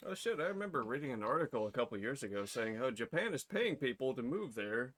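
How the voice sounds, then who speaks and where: Man, podcast co-host, casual chat, lively pitch, quick wisecracks. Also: a crowd in the background.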